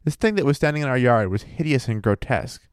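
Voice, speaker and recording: A man's voice: medium pitch, animated, fast talker, clean tone, no echo, clean studio sound. A man co-hosting a casual podcast, reading a paranormal story aloud and joking around with a loose, profane manner. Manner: laid-back, profane, laughs often. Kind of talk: casual chat with read-aloud passages.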